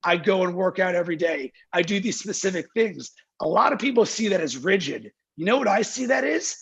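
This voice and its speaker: Animated and a little fast, his high voice is fairly bright with a breathy edge, coming through lo-fi on a video call. As a marketing agency founder guesting in an interview, he talks emphatically, firing rhetorical questions and acting out clients.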